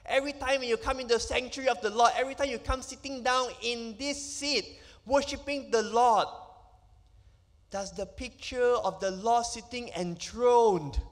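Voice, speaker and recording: High-voiced pastor preaching in a hall. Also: male voice, a bit bright. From Malaysia. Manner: emphatic preaching with rhetorical questions. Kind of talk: sermon. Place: church sanctuary. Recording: long reverb of a church hall.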